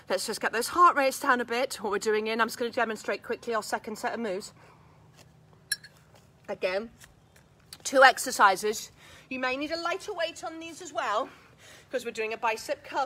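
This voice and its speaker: A woman's voice: on the high side, a little fast, sharp tone. A woman leading a live workout class, counting reps, cueing moves and encouraging everyone while a bit out of breath. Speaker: fitness instructor. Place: outdoors.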